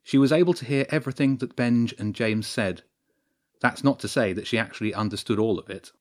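Guy reading a story out loud, steady, mid pitch. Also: fairly quick. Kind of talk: scripted narration.

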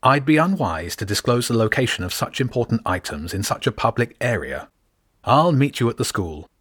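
A man voicing a brisk, dryly confident inspector in a storybook reading, talking fast and clipped. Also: medium pitch, big pitch swings, fairly bright tone, breathy edge, dry recording, clean studio sound.

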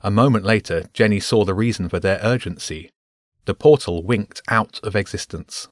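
Male audiobook narrator, low-pitched, measured, dry close sound. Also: no echo.

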